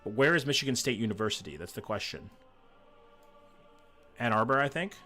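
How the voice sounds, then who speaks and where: A man's voice: mid-range voice, big pitch swings, fairly quick, sharp tone, faint music behind. Casual swearing male game streamer. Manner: swears freely and reads chat aloud. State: a little sick. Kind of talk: casual live-stream chat while gaming.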